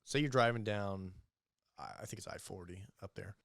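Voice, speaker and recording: A young man telling animated, profane sales stories as a guest in a casual podcast interview, acting out the people he quotes. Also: on the low side, moderate pace, creaky, no echo, clean studio sound. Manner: animated, profane storyteller who acts out quoted voices. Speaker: entrepreneur guest.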